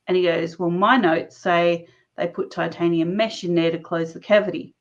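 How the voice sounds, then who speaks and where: A woman guest recounting her own story in conversation, animated and laughing often as she talks. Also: lowish voice, normal speed. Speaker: interview guest. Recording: dull lo-fi recording.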